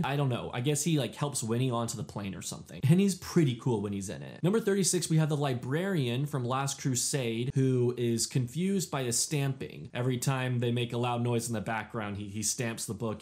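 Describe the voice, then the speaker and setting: A man's voice: mid-range voice, darkish tone. Offhand young man ranking movie characters. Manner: offhand, self-deprecating, trails off into mumbles. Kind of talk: casual list commentary.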